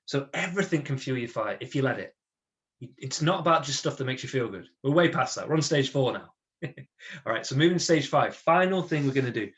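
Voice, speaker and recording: A man giving a motivational webinar to an online audience, chatty and energetic, often checking in with his listeners. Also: medium pitch, brisk. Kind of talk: lively talk to an online audience.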